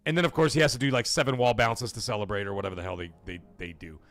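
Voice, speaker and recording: Hyped male streamer with a lively voice. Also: fairly low pitch, racing. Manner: loud, hyped shout-outs reading chat donations; swears casually. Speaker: livestream host. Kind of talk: energetic live stream chat.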